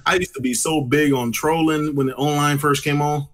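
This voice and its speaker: A man's voice: on the high side, steady tone, moderate pace, noisy background. A man in his thirties, a gaming YouTuber, chatting casually as a podcast guest and laughing often. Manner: laid-back, laughs often. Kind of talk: casual chat.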